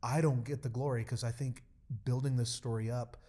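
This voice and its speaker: A male pastor chatting on a church podcast. His voice sounds mellow and dark. He tells his stories haltingly, with fillers and restarts, and plays out the quoted lines with growing excitement. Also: medium pitch. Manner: animated storytelling, acts out quoted dialogue. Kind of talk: casual podcast chat.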